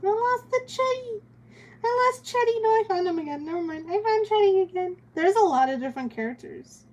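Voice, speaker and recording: A young woman draws on stream while chatting casually, giggly and rambling. Her voice is extremely high-pitched and a little fast, animated yet darkish in tone.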